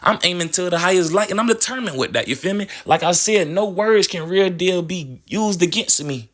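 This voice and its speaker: High-pitched, expressive, and a bit bright, a man's voice moves at a moderate pace through a rambling spiritual monologue. He's a spiritual speaker who plays with words, restarts phrases, and asks "you feel me."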